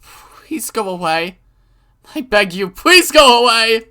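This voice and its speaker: A man putting on the voice of a terrified teenage boy from a visual novel, pleading in desperate shouts. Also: very high-pitched, big pitch swings, slow, voice pushed up, full character voice. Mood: panicked screaming.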